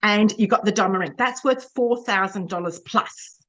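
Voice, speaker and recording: A woman's voice: mid-range voice, normal speed, fairly bright tone, low-quality recording. A middle-aged Australian woman giving an informal motivational talk as a sales director. She is chatty and emotional, laughs often, and repeats and corrects herself as she speaks.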